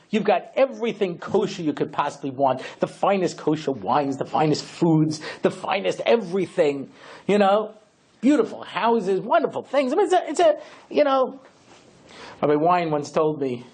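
A man's voice: a little high, a little mellow, slightly rough. A middle-aged man, a rabbi giving a chatty lecture full of asides and "you know".

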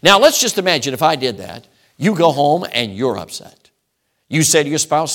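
A middle-aged man preaching with a fairly high voice that leaps up and drops low. He hammers home his points in rhythmic, repeated phrases. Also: animated, brisk, a bit bright. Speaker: traveling preacher. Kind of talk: sermon.

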